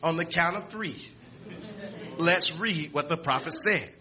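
A man preaching a sermon in a high, very bright voice. He reads scripture aloud, stumbling and repeating words, then rises to shouted exclamations. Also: unhurried.

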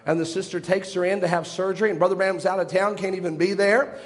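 A man with a high, light voice preaching a sermon. He retells a story through long quotations and then stops to explain each point in an earnest, teaching tone. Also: steady tone, quick pace. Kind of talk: sermon retelling stories and quotes.

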